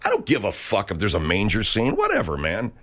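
American male radio host, profane rant, very lively pitch swings. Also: a little fast, slightly rough. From United States. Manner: swearing, rambling, emphatic. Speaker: talk show host.

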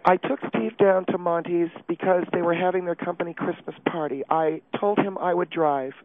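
A man voicing a distraught, prim middle-aged wife calling in to a radio show, confessing in a halting, breathless, self-pitying way. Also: high-pitched, steady tone, no room sound, voice pushed up, close to an everyday voice. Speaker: caller. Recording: tinny phone line.

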